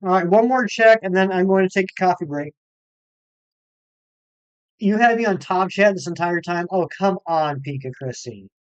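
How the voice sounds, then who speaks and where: A man's voice: high voice, moderate pace, pauses often, smooth, no room sound, lo-fi sound. A man streaming a game live, chatting casually and reading viewer comments aloud. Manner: chatty, reads chat aloud, self-deprecating. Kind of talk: live stream chat while gaming.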